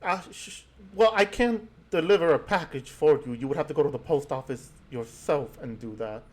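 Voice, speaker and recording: Guy running a tabletop game, lots of ums and uhs, kinda higher voice. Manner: halting, many fillers. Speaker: game master.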